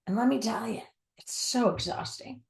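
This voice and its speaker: A woman giving a spoken teaching on communication, emphatic and repetitive for stress, sometimes dropping to a soft near-whisper. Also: on the high side, normal speed, vocal fry.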